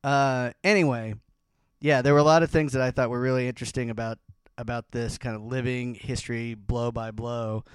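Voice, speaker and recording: A man's voice: medium pitch, steady tone, fairly quick, smooth, dry recording. A man hosting a casual music podcast who rambles, restarting sentences and filling them with "like". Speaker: podcast host.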